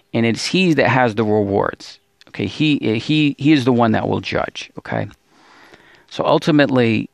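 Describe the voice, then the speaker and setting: A Bible teacher hosting a religious video channel speaks in a gravelly, mid-range voice, recorded dry. His emotional vlog monologue is discouraged and pleading, with stammered restarts and repeated appeals.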